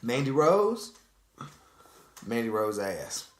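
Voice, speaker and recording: A man's voice: mid-range voice, very animated, slow, reverberant. A man co-hosting a podcast, talking in casual, profane banter and acting out quotes. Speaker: podcast co-host. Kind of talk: casual chat.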